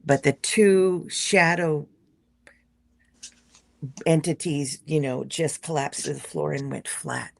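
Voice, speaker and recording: A woman on a live stream telling a dream in a halting way, with many fillers, her voice now loud, now soft. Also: low-pitched, fairly even intonation, creaky. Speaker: guest sharing a dream. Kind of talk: casual storytelling on a live stream. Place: home in a rural wildland area.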